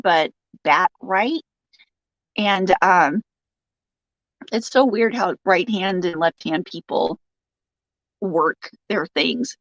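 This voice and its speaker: A woman's voice: mid-range voice, a bit bright, no room sound, dull audio. A woman hosting a casual live stream, reading out viewer comments, joking and laughing often and turning sympathetic when someone shares bad news. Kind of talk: casual chat.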